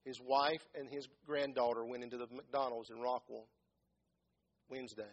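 A man preaching a sermon as pastor, swinging from loud impassioned calls down to low quiet words. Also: steady tone, normal speed, lo-fi sound. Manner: impassioned, rising to shouts and dropping low.

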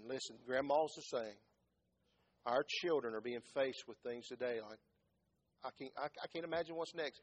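A man preaching a sermon as pastor, swinging from loud impassioned calls down to low quiet words. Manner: impassioned, rising to shouts and dropping low.

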